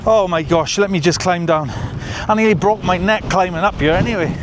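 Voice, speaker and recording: A chatty, excitable man talks to his camera on a windy coastal hill, his voice sitting a little high for a man. Clear wind noise runs under his voice from a clip-on mic outdoors. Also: brisk. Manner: chatty and excitable, exclaiming at the weather. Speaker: overland travel vlogger. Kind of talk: casual travel vlog talk to camera. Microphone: clip-on microphone.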